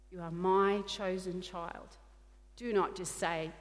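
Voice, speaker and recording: A woman's voice: lowish voice, fairly even intonation, takes it slowly, long reverb tail. A woman pastor preaching a sermon in an earnest, repetitive way, often acting out quoted dialogue.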